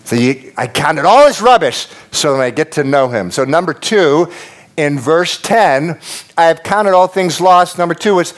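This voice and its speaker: A pastor preaching a sermon, emphatic and repetitive, talking straight to his congregation and dropping to a hush at times. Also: a little high, expressive, normal speed. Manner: addresses the congregation directly.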